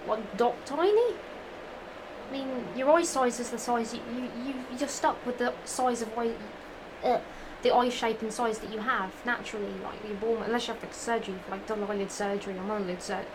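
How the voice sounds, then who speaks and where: Woman fan fiction reader, giggly and profane, fairly high voice, noisy home mic. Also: moderate pace, pauses often. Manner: giggly, profane, rambling asides. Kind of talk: reading fan fiction aloud with commentary.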